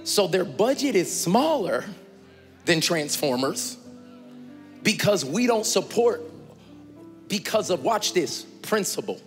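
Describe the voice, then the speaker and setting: A high-pitched man pastor talks to his congregation in a big church sanctuary during a live service. He is energetic and playful, calling out to the crowd and shouting over them. Clear worship music plays behind him. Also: slow, long pauses.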